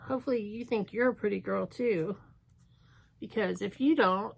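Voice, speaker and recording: A fifties-aged beauty vlogger keeps up a chatty, self-mocking commentary while applying her makeup, thinking aloud throughout. Her mid-range voice has vocal fry and a breathy edge, at a moderate pace.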